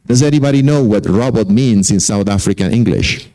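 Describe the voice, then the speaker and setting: A man's voice: lowish voice, fairly quick, dark tone, rough recording. A man lecturing to teachers, telling anecdotes and often repeating and correcting himself. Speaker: conference speaker.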